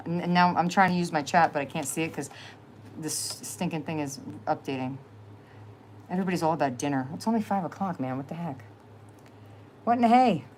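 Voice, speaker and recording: This middle-aged woman from New Jersey hosts a laid-back crafting livestream, rambling chattily and laughing a lot. Her voice is low-pitched, with a bit of background noise behind it.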